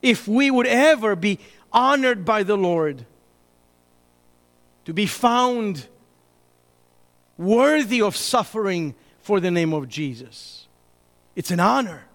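High-voiced preacher in a reverberant hall. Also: male voice, expressive. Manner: dramatic preaching with long pauses and sudden drops to a hush. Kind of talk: sermon.

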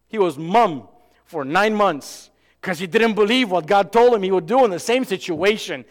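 A man with a high voice preaches in an unhurried way, drawing out his words. He is animated, acting out dialogue and dropping to a hush between louder passages. The sound rings with long reverb, as in a church hall. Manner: animated, acts out dialogue, swings from loud to hushed. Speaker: pastor. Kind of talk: sermon.

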